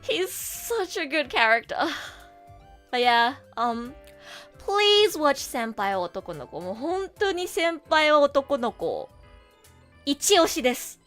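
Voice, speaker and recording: Woman streamer, fairly high voice, gushing and excitable, casual livestream chat, faint music behind. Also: measured pace. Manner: gushing, excitable, lots of fillers. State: emotional, near tears at times. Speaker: VTuber streamer.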